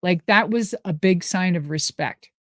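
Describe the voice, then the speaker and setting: A woman from Minnesota telling stories in casual talk, lively and profane, laughing often as she answers live questions. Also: lowish voice, unhurried, dry recording, clean studio sound. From Minnesota, USA. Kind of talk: casual storytelling.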